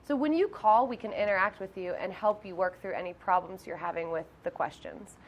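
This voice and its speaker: A woman's voice: medium pitch, a little fast, dull audio, a little hiss or hum. A woman who teaches math, hosting a live call-in homework help show in a friendly way with frequent ums.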